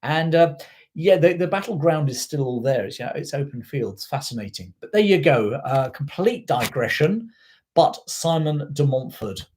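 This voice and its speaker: A man's voice: a little high, animated, normal speed, a little mellow. Rambling chatty male history host. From South Africa. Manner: rambling, digressive, chatty storyteller with fillers. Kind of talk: casual live-stream chat.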